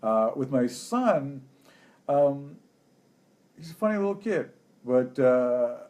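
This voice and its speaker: A man's voice: mid-range voice, sing-song, slow pace, a little mellow. Reflective man musing about parenting. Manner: reflective, storytelling, many fillers. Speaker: guest co-host. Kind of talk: casual chat. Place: indoors at a family vacation spot.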